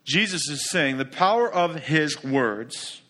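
Male pastor, slightly higher voice, emphatic sermon delivery with loud-soft swings. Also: expressive, slow. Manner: emphatic, full of rhetorical questions.

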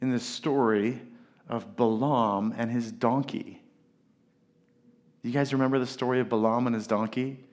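A man preaching a sermon, retelling a scripture story in a casual, animated way with asides to his listeners. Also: mid-range voice, moderate pace, long pauses. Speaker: pastor.

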